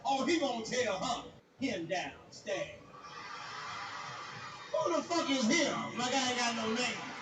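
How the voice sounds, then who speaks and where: A man doing stand-up comedy, telling stories in a loud, crude, animated rant before a live audience. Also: extremely high pitch, moderate pace, few pauses, noisy background. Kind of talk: profane stand-up storytelling. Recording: echoey live recording from far off.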